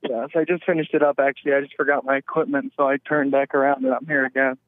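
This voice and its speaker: Monotone male caller on a tinny phone line. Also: mid-range voice, fast talker, no room sound. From Western New York. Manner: flat, monotone delivery. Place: in his car.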